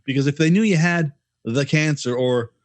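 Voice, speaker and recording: A man's voice: on the high side, no echo. A man with a slightly raised voice, a weekly regular on a comedy podcast. He stumbles and restarts often and pokes fun at himself. He keeps it loose and casual. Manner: halting, stammering, self-deprecating.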